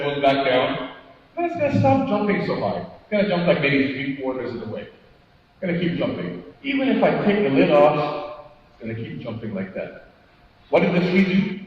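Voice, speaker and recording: A male motivational speaker gives an interactive conference talk, quizzing the audience, tagging on "right?" and acting out anecdotes with quoted dialogue. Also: on the high side. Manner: engaging, keeps asking the audience questions and tagging "right?". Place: large conference hall. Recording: echoey hall from far off, dull sound.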